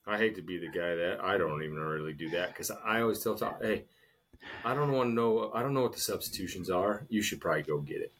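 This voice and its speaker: A man co-hosting a casual podcast, telling a long shopping story in an animated way and often calling his friend "dude.". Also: quick pace, slight background noise. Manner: animated storyteller, swings loud and high acting out scenes, says "dude" a lot. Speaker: podcast co-host.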